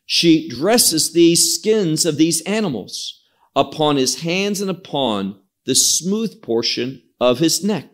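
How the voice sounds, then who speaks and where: Slow, lively-pitched male preacher. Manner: emphatic, explanatory, stresses key words. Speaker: Bible teacher. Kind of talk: expository sermon.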